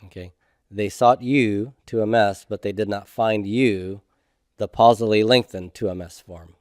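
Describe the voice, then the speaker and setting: Middle-aged man, patient classroom lecturer, unhurried, dry recording. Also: lowish voice, fairly even intonation, no echo. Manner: slow, methodical, checks in with "okay?". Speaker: Hebrew instructor.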